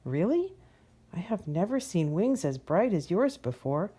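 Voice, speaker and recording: A woman's voice: on the low side, big pitch swings, unhurried, mellow, slightly rough, heavily acted. A woman voicing a curious, shy little male moth in a storybook, asking eager questions. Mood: amazed. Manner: eager, wide-eyed questions.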